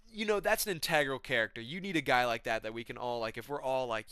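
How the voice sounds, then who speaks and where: A man's voice: mid-range voice, quick pace, hardly any pauses, sharp tone, clear, resonant tone, dry recording, clean studio sound. A young man telling a casual, comedic vlog story in slangy talk full of "bro" and "man". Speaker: YouTuber, MMA commentator.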